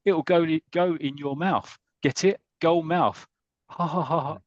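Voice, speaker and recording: A cheeky little schoolboy from a comic who giggles at his own pun, as a man reads him aloud. The voice is pitched high and a touch loud. The recording is dry. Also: a little slow, no echo, dull audio, close to an everyday voice. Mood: joking.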